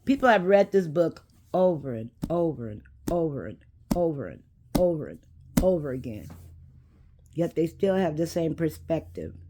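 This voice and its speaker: A woman, hosting a casual talk and speaking in an unhurried, preachy way that addresses viewers directly. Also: low-pitched, big pitch swings, background noise. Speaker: host.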